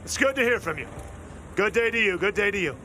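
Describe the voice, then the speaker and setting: A man's voice: high voice, animated, quick pace, pushed and bright, soft background music. An actor playing a smug, scheming man in a dubbed TV drama, mocking and falsely polite. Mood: ingratiating.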